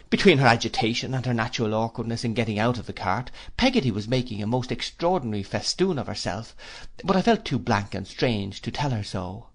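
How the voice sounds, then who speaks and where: A man narrates a classic novel as an audiobook, reading in a measured, expressive way. His voice is mid-range and husky.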